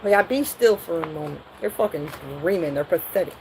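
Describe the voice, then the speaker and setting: A woman's voice: deep voice, brisk, noisy background. A woman doing a live tarot reading, talking bluntly and profanely in a rambling way. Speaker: tarot reader.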